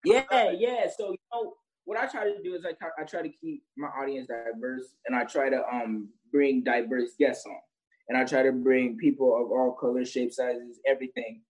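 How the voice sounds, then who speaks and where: A man's voice: mid-range voice, normal speed, darkish tone, breathy edge, low-quality recording. A young man chatting as an interview guest, rambling with restarts and frequent laughter. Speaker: guest, social media creator. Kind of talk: casual interview chat.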